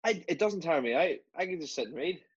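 A man's voice: a little high, expressive, fast, slightly rough. A man co-hosting a podcast in casual chat, dry and self-deprecating. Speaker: podcast co-host. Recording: dull lo-fi podcast audio.

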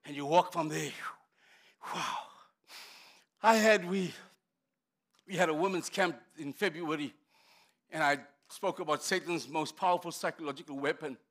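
A middle-aged man preaching a sermon in a high, bright voice. He is impassioned, building to shouts and dropping to hushed, intimate tones. His delivery is forceful and direct. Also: normal speed, pauses often. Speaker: pastor.

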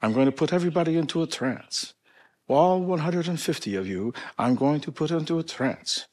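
A man voicing a showy male stage hypnotist in a put-on Polish accent, speaking in a grand, drawn-out showman style. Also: fairly high pitch, lively intonation, darkish tone, voice pushed up, close to an everyday voice. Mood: boastful.

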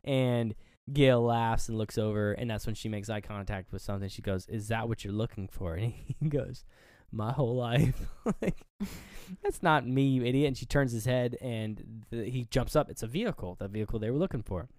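In clean studio sound with no room noise, a man co-hosting a podcast walks through a film scene by scene at normal speed, barely pausing. He's animated and profane, packs in fillers, and voices the characters' quotes by jumping his pitch.

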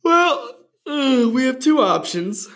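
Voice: high voice, big pitch swings, slow pace, fairly bright tone, pitched above the performer's own voice, exaggerated voice. A reader voicing a cocky country boy from a story they are reading aloud, delivered in an overblown, emphatic way.

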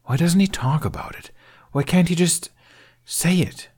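A man's voice: medium pitch, lively intonation, moderate pace, a little mellow, voice pushed up, natural voice. A man doing a resentful, hurting young male apprentice, voice lifted and strained, storybook reading. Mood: anguished. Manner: sulky, pleading, voice rising when upset.

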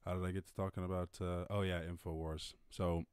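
Irish male streamer, low voice, profane and rambling, dry close mic. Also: level tone, a little fast, darkish tone, clean tone, no room sound. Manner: rambling, profane, laughs at his own jokes. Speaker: podcast host. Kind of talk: casual livestream commentary.

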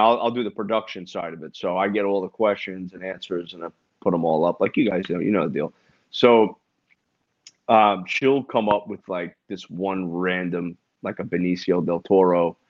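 A man appearing as a guest on a casual podcast, talking in a loose, rambling, profane way about the game show he produces. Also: low-pitched. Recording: dull lo-fi audio.

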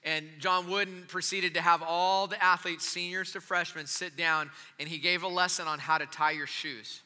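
A man preaching a sermon as he tells a story, animated and then softly gentle. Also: on the high side, normal speed, big-room sound. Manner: animated, drops to soft gentle tones. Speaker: pastor.

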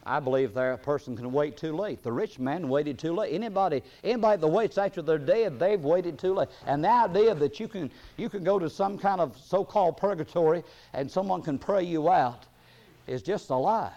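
A man preaching a sermon, reading scripture in a slow cadence and rising to loud emphatic peaks before dropping low and soft. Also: muffled recording.

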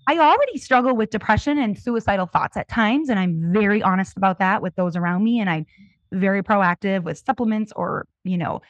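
A woman's voice: mid-range voice, animated, brisk, dry recording, dull audio. A woman in her thirties, a podcast guest, telling her own story in an open, earnest way. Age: 30s. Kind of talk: candid personal testimony.

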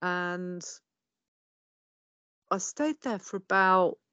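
A middle-aged woman from England, with an English accent, tells her life story as a podcast guest, speaking extremely slowly in a fairly low, lively, sharp voice. The tone is clean with no echo, though the audio is dull. She is blunt, swears freely, and acts out what people said.

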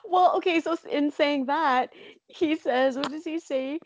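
A woman's voice: high-pitched, unhurried, no room sound. Chatty woman on a dull, dry mic. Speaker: podcast co-host. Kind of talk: casual chat recapping a soap opera.

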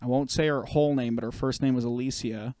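A man's voice: medium pitch, fairly even intonation, fast talker, dark tone, no room sound. A man in his thirties from Canada, co-hosting a podcast and telling long rambling stories full of swearing. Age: 30s. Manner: rambling, swears a lot, storytelling. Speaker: podcast co-host. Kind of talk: casual chat.

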